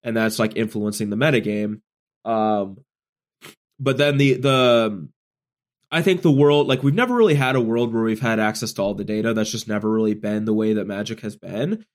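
A man's voice: fairly low pitch, normal speed. A man who is sick, co-hosting a casual gaming podcast and explaining his views at length with many restarts. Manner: thoughtful, long explanations with restarts. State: sick, rough voice. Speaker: podcast co-host, tournament player. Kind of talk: casual chat.

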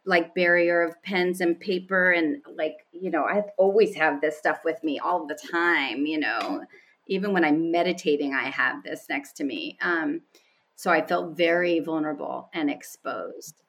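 A woman's voice: sits low, unhurried, fairly bright tone. A woman guest speaking candidly and with animation, telling personal stories in conversation and laughing often. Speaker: podcast guest.

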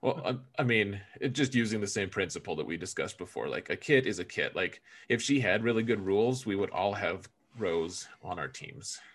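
A man co-hosting a gaming podcast, talking in an animated, joking way with frequent stammered restarts. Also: fairly low pitch, normal speed, hardly any pauses. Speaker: podcast co-host. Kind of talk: casual gaming podcast chat.

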